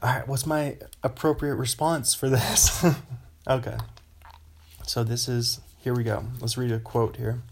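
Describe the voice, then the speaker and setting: This podcast host, a man from the Pacific Northwest, speaks in a mid-range voice with a flat, unhurried delivery. His casual monologue meanders from topic to topic, and he chuckles to himself along the way.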